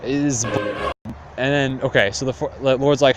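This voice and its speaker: A man's voice: medium pitch, unhurried, music in the background. Rambling young man with slang. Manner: rambling, slangy, filler-heavy. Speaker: student retelling a classic tale. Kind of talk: comic casual retelling.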